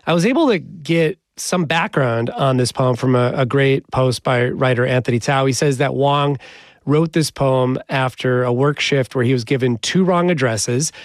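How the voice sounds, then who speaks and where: A man's voice: mid-range voice, normal speed, no room sound, clean studio sound. A man hosting a broadcast interview, asking questions in a polished, conversational way. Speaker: radio interview host.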